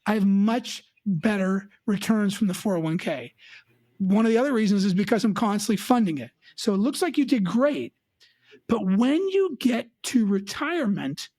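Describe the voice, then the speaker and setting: Woman financial advisor, punchy and animated, acts out clients, dry sound. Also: medium pitch, normal speed, no echo. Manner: emphatic, lively, mimics clients. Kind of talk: advisory chat show.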